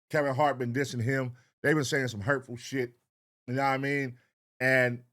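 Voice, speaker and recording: A man's voice: mid-range voice, fairly bright tone. A man hosting a reaction video, riffing in a casual, profane, slangy way. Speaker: reaction channel host.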